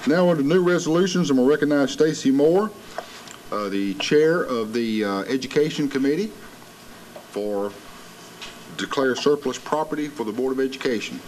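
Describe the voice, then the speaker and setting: A man's voice: medium pitch, moderate pace, a little mellow, slight background noise, low-quality recording. A man with a Southern American accent chairing a county commission meeting, calling votes in a formal, procedural way. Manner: formal, procedural vote calls.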